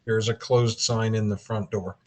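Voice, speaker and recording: A man's voice: fairly low pitch, fairly even intonation, moderate pace. Man narrating as game master. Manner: describes scenes with frequent hesitations.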